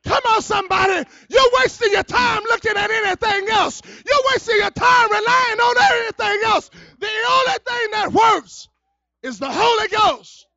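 A male evangelist preaching a church sermon, dropping to low murmurs and then rising into fervent shouting, captured on a dull, lo-fi recording. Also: moderate pace, gravelly, no room sound. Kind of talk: fiery preaching. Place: church service.

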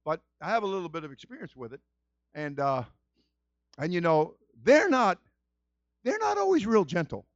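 A man, a senior pastor, giving a conversational sermon and telling stories with lively asides. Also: fairly high pitch, dry recording, dull audio. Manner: animated storytelling, acts out quoted voices.

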